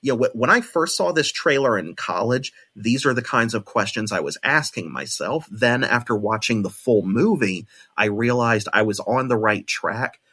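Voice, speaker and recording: A young man hosting a solo podcast, thinking out loud and often restarting with repeated words. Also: mid-range voice, expressive, normal speed, hardly any pauses, husky. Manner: analytical, thoughtful, repeats words when restarting. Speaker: podcast host.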